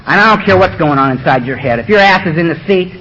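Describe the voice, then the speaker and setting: Fast-talking, blunt, high-voiced man. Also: lively intonation, sharp tone, a little hiss or hum. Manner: blunt, streetwise and emphatic. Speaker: recovery meeting speaker. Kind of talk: personal testimony talk. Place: meeting room. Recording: dull lo-fi recording.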